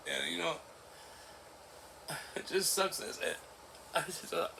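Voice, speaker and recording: A man in his forties talking in a personal vlog, halting and emotional, breaking into nervous laughs. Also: medium pitch, expressive, creaky, noisy background. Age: 40s. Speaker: vlogger. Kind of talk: personal vlog recounting an ordeal.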